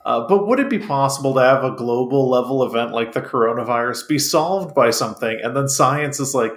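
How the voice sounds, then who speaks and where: A man's voice: mid-range voice, expressive, normal speed, few pauses. A man co-hosting a casual comedic chat, with a dry, wry delivery. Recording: echoey room.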